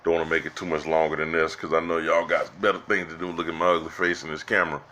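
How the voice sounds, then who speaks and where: A man's voice: rumbling low, level tone, quick pace, sharp tone. A man giving rambling, exasperated political commentary to his viewers, with many restarts, calling them "guys" and "y'all". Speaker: political vlogger.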